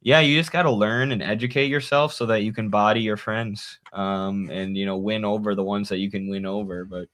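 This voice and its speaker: A man co-hosting a political podcast, talking casually and telling animated stories with laughs. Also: fairly low pitch, a little fast, hardly any pauses. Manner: animated storytelling, mimics others with laughs. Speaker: podcast co-host.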